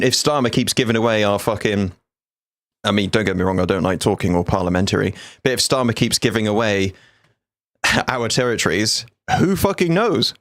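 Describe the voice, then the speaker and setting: Brief: man in his thirties, gaming streamer and ex-soldier, blunt sweary banter, lowish voice, dry close sound. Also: dry recording. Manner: frank, sweary, jokey banter. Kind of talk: casual livestream chat with viewers.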